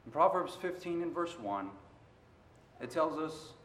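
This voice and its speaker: A man's voice: a little high, animated, measured pace, slight background noise. Roomy-sounding male preacher. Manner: rises and falls between quiet and loud emphasis. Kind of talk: sermon. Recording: roomy echo.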